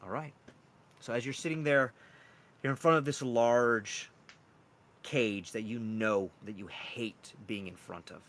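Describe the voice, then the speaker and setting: A man's voice: medium pitch, steady tone, measured pace, pauses often, a bit bright. A man narrating a tabletop game as game master, describing scenes casually.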